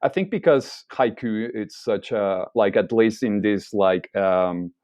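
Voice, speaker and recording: A man's voice: fairly low pitch, measured pace, a little mellow, smooth, no echo. A man guesting on a casual podcast, speaking thoughtfully and hesitantly, with many fillers.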